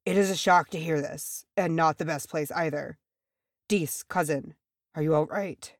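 A woman voicing a kindly older male dwarf who speaks gently and steadily. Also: deep voice, unhurried, no room sound, clean studio sound. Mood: gentle.

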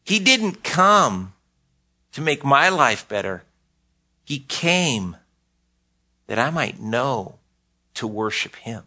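A man's voice: medium pitch, lively intonation, slow pace, long pauses, sharp tone. An older man preaching a sermon as pastor, earnest, often repeating a word as he starts a phrase.

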